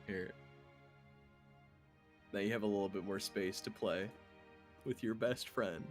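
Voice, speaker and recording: A man's voice: fairly low pitch, steady tone, unhurried, soft background music. A man in casual, joking chat with friends during a game livestream, swearing and laughing often. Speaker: gamer friend on livestream call.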